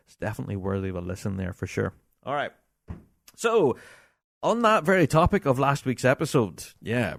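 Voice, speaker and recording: A middle-aged man, hosting a podcast in a chatty, animated way, reading listener emails aloud and laughing often. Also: mid-range voice, dry recording, clean studio sound. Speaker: podcast host.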